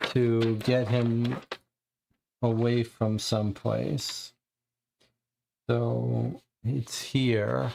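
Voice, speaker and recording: Slow, gravelly-voiced man streamer. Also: mid-range voice, a little mellow. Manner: thinking aloud, hesitant, halting. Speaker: streamer playing a mystery game. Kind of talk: casual let's-play commentary.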